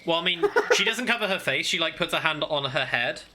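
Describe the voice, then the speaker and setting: A man narrating as game master in a tabletop game, halting and full of fillers. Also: a little high, lively intonation, heavy background noise.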